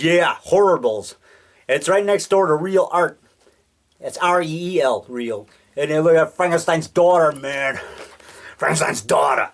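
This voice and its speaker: Rambling chatty man in his sixties. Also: fairly high pitch. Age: 60s. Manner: rambling, chatty, keeps adding "man" and "you know". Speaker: filmmaker showing his collection. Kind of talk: casual show-and-tell monologue. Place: at home.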